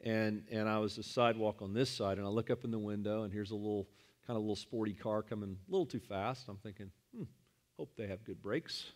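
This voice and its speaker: Man preaching in a relaxed, story-driven way. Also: on the low side, quick pace. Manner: conversational storytelling with personal anecdotes. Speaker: pastor. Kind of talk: sermon.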